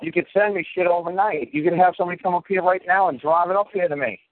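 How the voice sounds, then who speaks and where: A man's voice: high voice, fast talker. A man in his fifties giving advice on a casual phone call, blunt, profane and emphatic. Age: 50s. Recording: tinny phone line with faint hiss.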